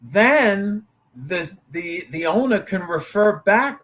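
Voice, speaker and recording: A man's voice: high-pitched, lively intonation, slow pace, fairly bright tone. A man co-hosting a talk show, arguing his case emphatically and tripping over repeated words when he gets worked up. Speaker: co-host. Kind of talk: casual opinionated banter.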